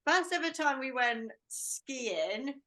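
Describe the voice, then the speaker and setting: A woman's voice: sits high, lively intonation, slow pace, pushed and bright. A woman guest in a casual group chat, teasing her partner and giggling as she tells stories.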